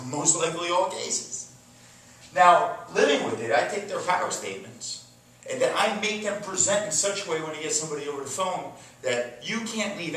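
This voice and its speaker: A bright, forceful male voice coaching salespeople, pushing hard on key words and then dropping low. The room rings with heavy echo, and he sits back from the mic. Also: distant mic, slight background noise. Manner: emphatic, dramatic shifts in tone and volume. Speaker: sales trainer. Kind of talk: sales training talk.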